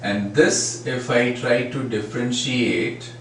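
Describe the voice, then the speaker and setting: A man's voice: medium pitch, takes it slowly, fairly bright tone. A man teaching phonetics, patiently repeating sample words to demonstrate each sound. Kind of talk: classroom lecture. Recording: very echoey room, far from mic, faint noise.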